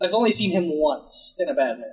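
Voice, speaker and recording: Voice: mid-range voice, sing-song, brisk. A co-host bantering casually over gameplay, teasing and joking.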